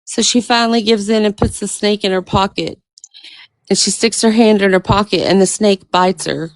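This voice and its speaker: A woman's voice: medium pitch, steady tone, normal speed, no echo. A woman calling into a talk show, subdued and hesitant, telling a short fable. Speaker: caller. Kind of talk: call-in storytelling.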